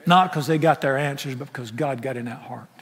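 A middle-aged pastor, preaching a folksy, impassioned sermon that swings from loud to soft. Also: male voice, mid-range voice, fairly quick, slightly rough. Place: large church sanctuary. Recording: echoey sanctuary with long reverb.

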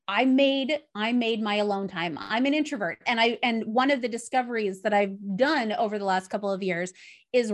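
Woman, 30s, podcast guest, candid, storytelling, slightly high voice. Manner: candid, storytelling, acts out dialogue. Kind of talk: casual chat.

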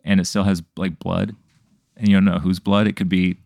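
A man hosting a casual podcast chat, posing a rambling hypothetical with many halting fillers. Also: low voice, level tone, creaky, darkish tone, no room sound, clean studio sound.

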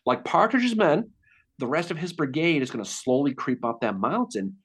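A man hosting a podcast, telling a Civil War battle story in a casual, animated way. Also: a little high, normal speed, husky. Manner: animated, acts out quotes. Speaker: podcast host.

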